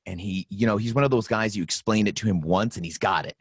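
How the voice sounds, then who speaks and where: A man hosting a podcast in casual chat, telling stories with lots of swearing and animated delivery. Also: fairly low pitch, fast talker, husky, no room sound, clean studio sound. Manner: profane, animated storytelling. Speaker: podcast host.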